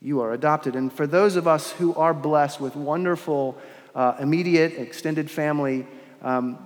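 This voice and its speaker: A man preaching a sermon in a measured, earnest way, with pauses and restarts, in a large church. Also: on the high side. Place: large church with long reverb. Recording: long hall reverb.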